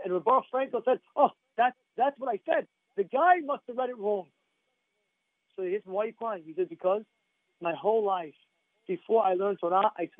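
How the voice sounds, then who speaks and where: Emphatic rabbi with a high, tinny voice. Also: male voice, dry recording. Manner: emphatic, repeats phrases, asks the audience questions. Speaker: rabbi giving a Torah class. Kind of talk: sermon.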